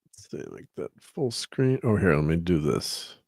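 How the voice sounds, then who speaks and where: A man's voice: deep voice, big pitch swings, measured pace, vocal fry, a little mellow, no echo, studio quality. A man hosting a casual livestream chat, rambling with lots of fillers and chuckles while he fiddles with his slides. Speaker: host.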